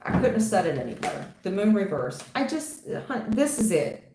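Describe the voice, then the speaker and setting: A woman's voice: medium pitch, very animated, normal speed. A woman reading tarot for viewers on a livestream, blunt and casual, calling people hun and baby, laughing and swearing. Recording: roomy echo with faint noise.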